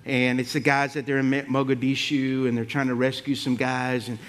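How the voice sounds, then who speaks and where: A middle-aged man preaching an animated sermon as pastor, building to shouts and calling out "come on" to the congregation. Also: medium pitch, a little fast.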